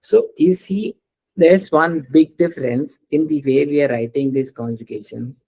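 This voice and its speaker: A male language teacher with a mellow, slightly husky voice walks a student through pronunciation rules one step at a time. He talks patiently and keeps prompting her to read words out loud. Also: a little high, measured pace, rough recording. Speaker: French teacher.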